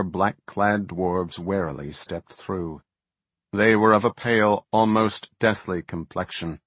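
A man narrating a fantasy novel in a steady, even storytelling manner. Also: low voice, no room sound. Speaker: audiobook narrator.

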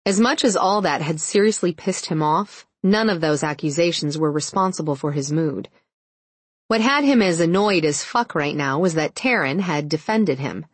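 A woman narrating a romance audiobook in a steady, measured reading. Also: low voice, breathy edge, no echo. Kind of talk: scripted narration.

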